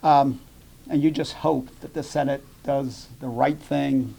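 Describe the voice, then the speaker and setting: A middle-aged American man gives a policy talk at a dinner program, spinning jokes and stories conversationally with fillers. His medium-pitched voice is steady, measured, gravelly and dark.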